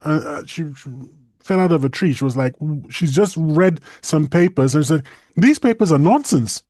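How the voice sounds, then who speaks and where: A man co-hosting a casual podcast discussion, chatty and animated, laughing often and restarting his sentences. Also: fairly high pitch, moderate pace, no room sound, clean studio sound. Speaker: co-host.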